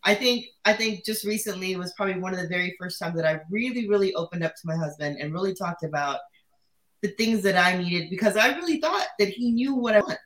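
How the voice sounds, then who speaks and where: A woman's voice: mid-range voice, fast talker, rough recording. A woman in a casual chat, talking expressively and laughing often. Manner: expressive, laughing as she talks.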